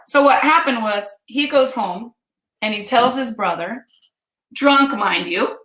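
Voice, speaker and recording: A woman's voice: on the high side, slow pace, fairly bright tone. A woman in her fifties from Kansas, chatting animatedly as she tells her viewers a personal story. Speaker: vlog host. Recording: roomy echo.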